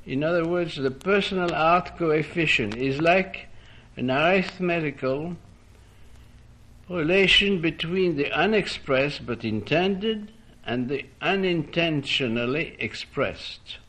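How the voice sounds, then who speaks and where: Slow, formal man reading a lecture. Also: fairly high pitch, a bit bright, rough recording. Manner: measured, formal, with occasional self-corrections.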